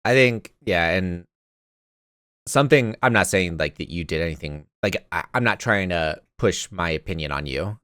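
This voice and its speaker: This deep, slightly bright male voice belongs to a podcast co-host offering his opinion in casual chat. He speaks thoughtfully, hedging and frequently restarting, and the recording is dry and studio quality.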